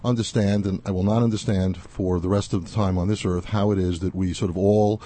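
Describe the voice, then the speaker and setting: A man's voice: sits low, steady tone, fairly quick, dark tone. A male talk show host delivering passionate, emphatic commentary. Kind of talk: opinionated commentary.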